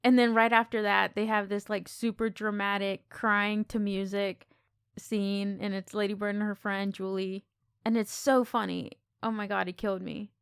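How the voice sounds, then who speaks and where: A woman's voice: mid-range voice, little pitch movement, normal speed, gravelly, clear, resonant tone, no room sound, studio quality. A woman co-hosting a podcast, talking casually and expressively about a film, with some casual swearing. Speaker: podcast co-host.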